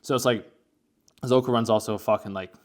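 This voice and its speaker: A man's voice: medium pitch, steady tone, a little fast. A young man giving casual anime commentary, rambling along with lots of "like" fillers.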